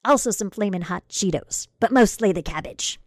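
A woman voicing an impatient, heavily pregnant young wife who makes shrill, demanding outbursts. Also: expressive, normal speed, dry recording, studio quality, natural voice. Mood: craving.

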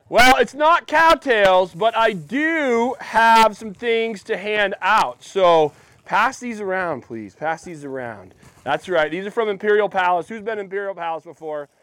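A man's voice: sits high, animated, a little slow, fairly bright tone, no room sound. A man preaching a casual sermon in a church, chatty and joking with the congregation. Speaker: pastor.

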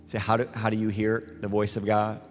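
A middle-aged man preaching a sermon as a pastor, telling animated, self-deprecating stories between scripture readings. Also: on the low side, brisk. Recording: long reverb in a large hall with faint music.

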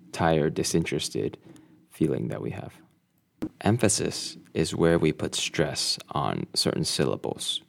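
A man giving a scripted lesson in a measured, deliberate way. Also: low voice, gravelly. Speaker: instructor.

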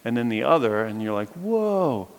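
Preacher, male, chatty Bible storyteller with playful asides, mid-pitched, long reverb of a big hall. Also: animated, moderate pace. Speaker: preacher and philosophy teacher. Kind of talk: conversational sermon with Bible reading.

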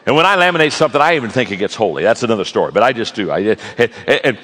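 A man preaching a sermon, telling stories with lively energy and acting out the people in them. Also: medium pitch, very fast, long reverb tail. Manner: animated storytelling, acting out characters. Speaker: guest speaker.

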